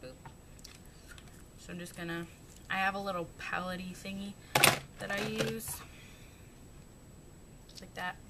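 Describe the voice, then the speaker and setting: A woman's voice: steady tone, measured pace, pauses often. A young woman chatting casually through her makeup routine, rambling and joking at herself. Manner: chatty, rambling, self-mocking. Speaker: beauty vlogger. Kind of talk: casual makeup tutorial chat. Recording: noisy home recording with rumble.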